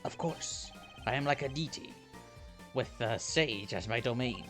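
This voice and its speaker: A man's voice: mid-range voice, measured pace, over music, natural voice. A man voicing a grandiose adult male stage magician, with a put-on French accent and a pompous, theatrical manner. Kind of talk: voicing game dialogue.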